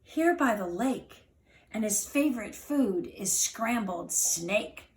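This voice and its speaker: A woman voicing a small, clever brown mouse in a children's storybook reading, speaking slowly, softly and knowingly. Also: medium pitch, expressive, reverberant, voice pushed down. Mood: sly.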